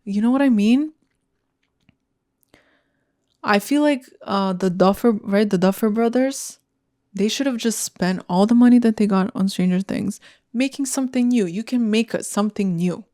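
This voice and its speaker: A woman's voice: medium pitch, moderate pace, warm tone. A young woman hosting a solo podcast, ranting in a blunt, heated and profane way. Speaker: podcast host. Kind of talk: casual solo podcast rant.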